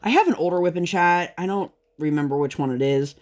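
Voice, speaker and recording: A woman's voice: lowish voice, brisk, darkish tone. A woman talking casually to her viewers while she works on a craft project. She rambles through a parenting story, drifting into tangents and then pulling herself back on track. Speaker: vlogger and parent.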